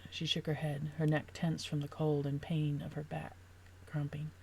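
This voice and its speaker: A woman's voice: deep voice, monotone, vocal fry, darkish tone, slight background noise. Woman reading her own novel aloud. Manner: pauses to rework sentences while reading. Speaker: author.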